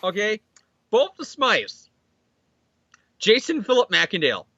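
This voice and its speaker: A man co-hosting a casual comic book chat, excitedly acting out characters as he recaps the story. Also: sits high, slow pace, slightly rough, no echo, dull audio. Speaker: podcast co-host.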